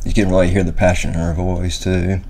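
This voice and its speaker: A man's voice: sits low, flat delivery, a little fast. A man hosting a reaction video, talking casually and enthusiastically about a performance as he watches. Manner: enthusiastic, gushing. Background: music from the clip he watches.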